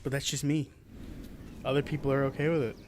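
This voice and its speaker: A man's voice: mid-range voice, flat delivery, fairly quick, a little mellow, slight background noise. A man casually commenting and joking as he plays through a video game. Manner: chatty, joking asides. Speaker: game streamer. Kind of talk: casual let's-play commentary.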